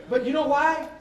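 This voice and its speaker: A man, giving a lively storytelling talk to students as a guest speaker and slipping in Spanish phrases. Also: very high-pitched. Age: 50s. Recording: echoey hall with faint ambience.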